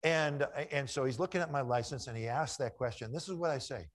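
A middle-aged male preacher delivers a sermon full of anecdotes. He swings from booming, excited retellings down to soft, confiding asides, in a voice of ordinary middle pitch. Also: fairly quick. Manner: lively storyteller, shifts from loud acted quotes to hushed asides. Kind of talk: sermon with stories.

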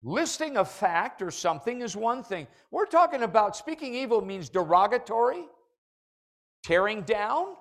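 A middle-aged man preaching a sermon from the pulpit of a church, animated and building to loud, emphatic peaks. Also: high-pitched, normal speed. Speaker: pastor. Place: church sanctuary.

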